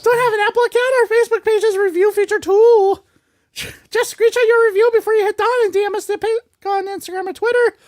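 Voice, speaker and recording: A woman voicing a cheeky googly-eyed puppet, reading a comic plug in a shrill, bossy, pleading voice. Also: fairly even intonation, quick pace, darkish tone, no echo, studio quality. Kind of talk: comic ad read in a character voice.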